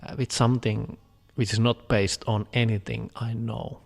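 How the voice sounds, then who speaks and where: A man with a deep, heavily gravelly voice talks in a slow, measured way, pausing on fillers. His delivery stays flat and even. The recording has a long, reverberant tail. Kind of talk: casual chat.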